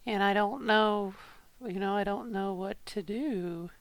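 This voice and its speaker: Slow, unsure middle-aged woman vlogging. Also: medium pitch, no room sound. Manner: thinking aloud, unsure, halting restarts. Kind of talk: casual voice-practice vlog.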